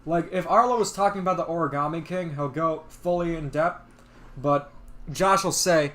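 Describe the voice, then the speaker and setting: A man's voice: on the high side, normal speed, a bit bright. A man hosting a gaming livestream, chatting casually and laughing as he plays and comments.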